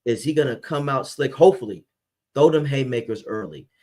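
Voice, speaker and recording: A man's voice: medium pitch, expressive, a little fast, a little mellow. A man hosting a live sports fan stream, making emphatic game predictions and calling his co-host by name.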